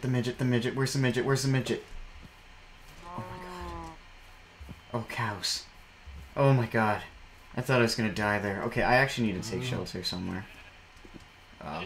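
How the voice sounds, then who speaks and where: A man's voice: mid-range voice, background noise. A man giving casual commentary while playing a game, rambling and jumpy, breaking into shrieks when startled. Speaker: gameplay commentator.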